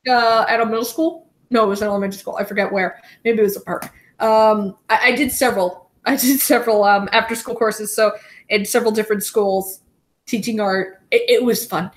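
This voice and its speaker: A young adult woman, a guest on a casual podcast chat, telling stories excitedly and laughing often. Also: medium pitch, a little fast, slight background noise.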